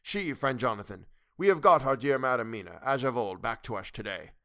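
A man voicing an older male professor who questions in a low, level, patient tone during an audiobook reading. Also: animated, a little fast, pushed and bright. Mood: cheerful.

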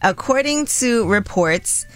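A woman with a New York accent hosting a radio show, reading news items in a relaxed, chatty way and laughing often. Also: a little high, slow. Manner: upbeat, laughs often, reads stories conversationally. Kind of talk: casual radio chat and news segments.

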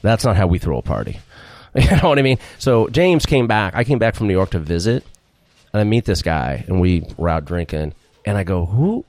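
A man's voice: sits low, lively intonation, brisk, a little mellow, no echo. A middle-aged man telling a long story in a casual interview, rambling, acting out quotes and laughing often. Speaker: restaurant owner, guest.

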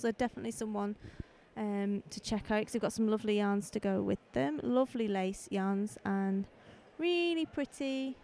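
A high-voiced woman hosts a live podcast while strolling between outdoor stalls. She talks into a handheld mic in a chatty, rambling way and keeps throwing in friendly asides. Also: a little mellow, slight background noise. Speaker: podcast host. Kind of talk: casual live walkabout podcast. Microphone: handheld microphone.

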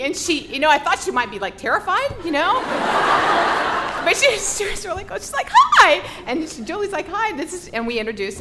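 A woman co-hosting a podcast, telling an excited, rambling story with lots of giggles and restarts. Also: on the high side. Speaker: podcast co-host.

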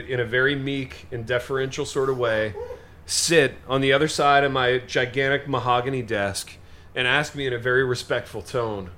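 A man co-hosting a comedic talk show, speaking with theatrical, mock-grave indignation. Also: slight background noise. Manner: theatrical, mock-grave, animated pitch swings. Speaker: podcast co-host.

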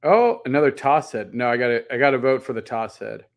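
A man co-hosting a podcast in casual chat, telling a long animated story full of "like" and casual swearing. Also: mid-range voice, a little fast, creaky. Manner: animated, rambling storyteller with lots of "like". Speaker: podcast co-host.

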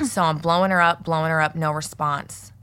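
A woman in her thirties on a podcast, telling a story in casual chat, animated and profane, and loud when she relives it. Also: sits low, normal speed, clear, resonant tone. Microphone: podcast microphone.

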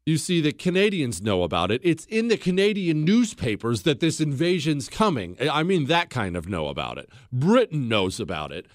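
A man's voice: fairly high pitch, very animated, normal speed, few pauses, no room sound, clean studio sound. A man hosting a podcast, telling history in a blunt, opinionated way, mocking people and acting out quotes. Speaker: podcast host.

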